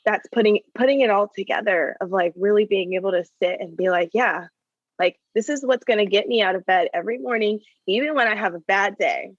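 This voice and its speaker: A woman's voice: medium pitch, fairly quick, no room sound, muffled recording. A woman guest on a podcast who coaches business owners. She speaks earnestly and keeps checking in with "right?" and "you know". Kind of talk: conversational interview answers.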